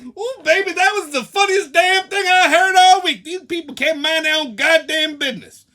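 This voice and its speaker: A man putting on the voice of a loud, gushing woman friend at the checkout. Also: extremely high pitch, normal speed, voice pushed up, heavily acted. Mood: delighted.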